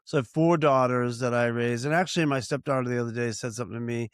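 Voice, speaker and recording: A man's voice: medium pitch, quick pace, clear, resonant tone, no room sound, clean studio sound. An older man, a podcast co-host, telling family stories in a rambling, casual chat full of restarts and fillers.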